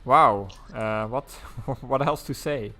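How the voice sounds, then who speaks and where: A man's voice: medium pitch, slow, bright, forceful tone. Casual male race commentator. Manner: casual, chatty, breaks into laughs. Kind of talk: live sim-racing commentary.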